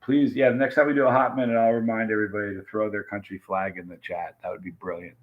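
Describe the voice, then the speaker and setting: A man's voice: lowish voice, flat delivery, fast talker, phone-quality sound. A man hosting a live stream, chatting casually and greeting viewers by name as he reads their comments. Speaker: livestream host.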